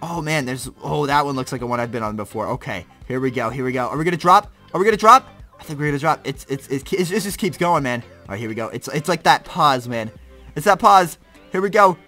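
Excitable young man with a bright voice. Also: mid-range voice, fairly quick, faint music behind. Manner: excitable, slangy, reacts loudly to rides and laughs often. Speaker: gaming YouTuber. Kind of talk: casual let's-play commentary.

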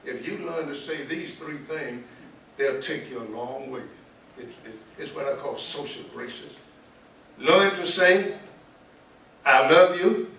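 Brief: older Southern man, pastor, emphatic sermon-like delivery, somewhat high voice, recorded from afar in a big echoing hall. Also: a bit bright. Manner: emphatic, repeats key words, slows for stress. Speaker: pastor and author speaking to students. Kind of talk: preaching-style talk. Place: large auditorium. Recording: echoey hall, distant mic, light noise.

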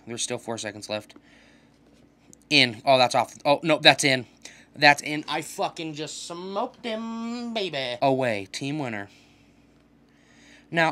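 A young man giving casual commentary while playing a video game, swearing often and trash-talking opponents in an excitable way. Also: fairly high pitch. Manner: profane, excitable trash talk. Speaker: gaming channel host.

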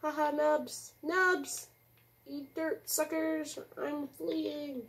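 A woman giving casual gameplay commentary, excitable, squealing and yelling taunts. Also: sits high, drawn-out words. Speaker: gaming streamer.

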